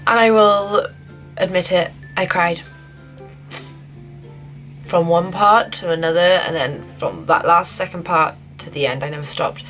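A young woman vlogging a casual film review, gushing and excitable, often restarting her sentences. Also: on the low side, measured pace, long pauses, soft background music, rough recording. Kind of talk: casual spoiler review to camera.

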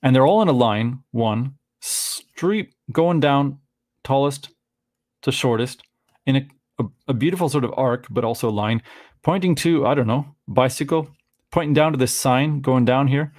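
A man's voice: medium pitch, moderate pace, a little mellow, no echo, clean studio sound. Rambling man musing over photos. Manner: rambling, searching for words, frequent restarts. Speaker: vlogger. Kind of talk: casual commentary on photographs.

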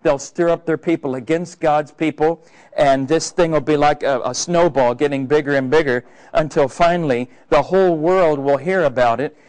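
Earnest, higher-voiced male preacher. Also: a little mellow, low-quality recording. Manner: conversational, earnest, many fillers. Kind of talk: sermon.

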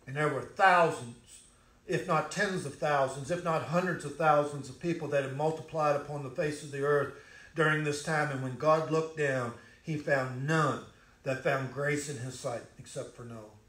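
A middle-aged man preaching a sermon in a church, swinging from hushed pleading to loud, fervent calls. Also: a little high, normal speed, roomy sound, rough recording. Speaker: pastor.

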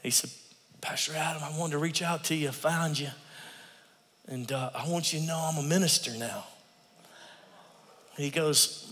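A man preaching a sermon as pastor, animated, acting out quotes and swinging from hushed tones to shouts. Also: a little high, normal speed, breathy edge. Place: church sanctuary. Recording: church hall reverb.

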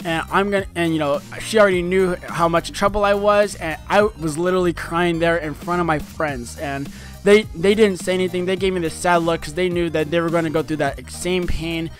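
A man's voice: a little high, steady tone, moderate pace, faint music behind. A young man telling a personal story to his viewers in a rambling, casual way, full of fillers and restarts. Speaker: vlogger.

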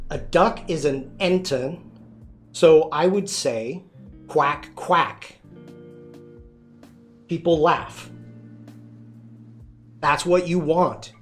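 A man hosting a live-streamed photography tutorial, chatty and demonstrative, greeting viewers and answering chat as he shows poses. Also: fairly high pitch.

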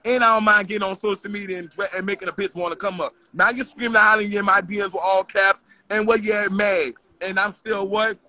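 A woman's voice: medium pitch, steady tone, fast talker, hardly any pauses, sharp tone, a little hiss or hum, low-quality recording. A woman delivering a heated, profane rant on a live stream, confrontational and repetitive. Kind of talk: heated social media rant.

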